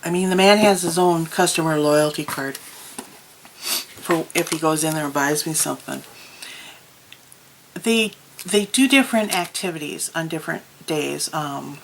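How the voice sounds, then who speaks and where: Woman, somewhat low voice, casual craft-haul chatter, lots of ums and restarts. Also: measured pace, a little hiss or hum, poor audio. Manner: chatty, storytelling with many ums. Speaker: crafting vlogger. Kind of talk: casual chat.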